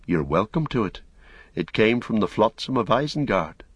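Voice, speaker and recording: A man voicing a plucky young hobbit who speaks briskly and frankly, in an audiobook reading. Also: lowish voice, lively intonation, slightly rough, no echo, pitched above the performer's own voice.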